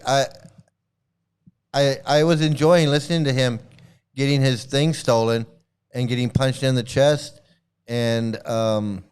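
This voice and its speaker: A man's voice: medium pitch, smooth. A man hosting reaction commentary, scornful and blunt, stumbling and repeating himself as he mocks what he hears. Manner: scornful, repetitive, stumbling restarts. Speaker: commentary host.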